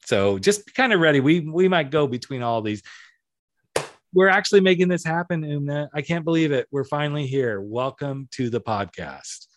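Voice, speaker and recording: A man hosting a casual podcast interview, enthusiastic and animated as he introduces his guest. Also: moderate pace, no echo. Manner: enthusiastic, animated quoting with big pitch jumps. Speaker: podcast host.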